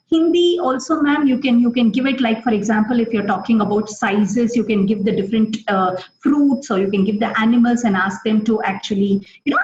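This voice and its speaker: A middle-aged woman with an Indian English accent, giving a live webinar for teachers and explaining with many examples, often pausing on fillers and restarting. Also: medium pitch, muffled recording. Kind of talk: live webinar talk answering questions.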